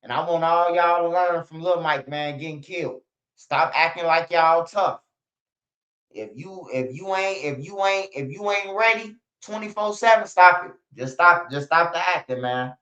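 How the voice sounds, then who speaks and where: A man's voice: a little high, moderate pace, a bit bright. A man hosting a casual livestream, talking loosely and swearing often. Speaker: streamer. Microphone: streaming setup. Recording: slightly dull lo-fi stream audio.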